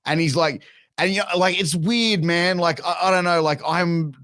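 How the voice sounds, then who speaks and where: A man's voice: fairly high pitch, moderate pace, a bit bright, dry recording. A man in his thirties with an Australian accent, telling a crude story in casual chat and swearing a lot. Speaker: podcast guest.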